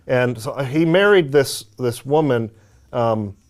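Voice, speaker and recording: A man in casual conversation, musing out loud at a relaxed, thoughtful pace. His voice sits at an ordinary middle pitch, and he strings his ideas together with frequent fillers as he thinks aloud. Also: slow. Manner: thoughtful, rambling, many "like" fillers. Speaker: streamer host. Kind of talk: casual chat about a video game.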